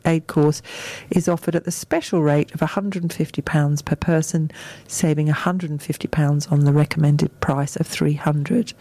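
A woman's voice: low-pitched, warm tone, dry recording. Chatty woman co-hosting business radio. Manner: chatty, reads news items with asides. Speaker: radio co-host. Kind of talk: local business radio chat.

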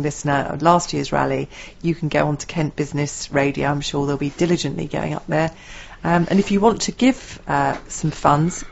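A very low-pitched woman co-hosts a local radio show, bantering playfully between announcements. Her voice sits deep for a woman. The recording is dull and lo-fi with a faint hiss behind it. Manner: lively, playful banter with co-host. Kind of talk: chatty radio co-hosting and reading announcements. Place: radio studio. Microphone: studio microphone.

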